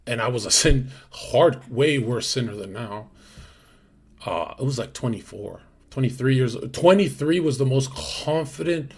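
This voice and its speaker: A man's voice: mid-range voice, breathy edge. A young man hosting a livestream, talking in a rambling, slangy way with lots of fillers and restarts. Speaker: livestream host. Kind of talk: casual livestream chat.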